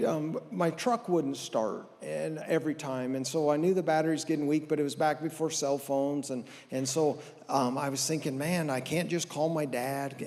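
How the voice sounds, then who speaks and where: Middle-aged male comic, high voice, folksy self-deprecating storyteller in a reverberant church hall. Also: darkish tone. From American Southwest. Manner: folksy, self-deprecating, acts out others' lines. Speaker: stand-up comedian. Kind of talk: stand-up storytelling.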